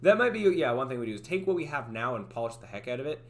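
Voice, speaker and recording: Rambling man with a lively, swooping voice. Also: mid-range voice, fast talker. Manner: rambling, heavy use of "like", frequent restarts. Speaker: livestreamer and game developer. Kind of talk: casual livestream chat.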